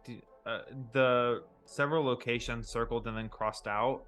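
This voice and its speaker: A man's voice: medium pitch, fairly even intonation, moderate pace, a bit bright, soft background music. Laid-back man player, hesitant. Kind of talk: casual chat at a game table.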